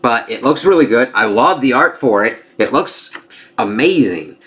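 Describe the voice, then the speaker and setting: A man's voice: mid-range voice, expressive, normal speed, a bit bright. A male reviewer talks through a comic issue in a casual, rambling way. He has a mid-range voice and drops the odd curse. His restarts and asides make it sound unscripted. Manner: rambling, casual, swears freely.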